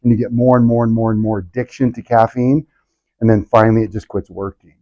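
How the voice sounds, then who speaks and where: A man giving a lively health workshop to a live audience, asking the room questions and acting out patients' complaints in a jokey way. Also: fairly low pitch, fast talker, highs cut off. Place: clinic event room.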